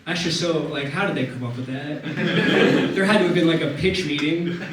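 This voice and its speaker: Brief: male stand-up comic, deadpan, filler-heavy delivery, boomy club sound with heavy noise. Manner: deadpan with fillers and quick put-on voices. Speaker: stand-up comedian. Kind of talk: stand-up set. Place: comedy club stage. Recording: distant echoey club recording with loud noise. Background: audience laughter.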